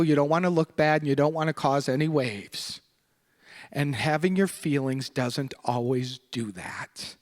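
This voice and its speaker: A man giving a Sunday sermon to a congregation, swinging between hushed, soft passages and loud, emphatic bursts. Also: high-pitched. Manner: candid, laughing at his own anecdote. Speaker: guest minister. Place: spiritual center congregation.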